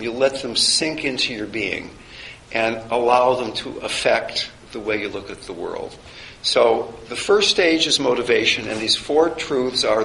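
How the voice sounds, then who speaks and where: A man's voice: medium pitch, gravelly, a bit bright. Reflective man lecturing in a roomy space. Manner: reflective, conversational, with wry humor. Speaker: teacher of a chaplaincy course. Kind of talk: informal classroom lecture. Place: classroom. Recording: roomy with faint background noise.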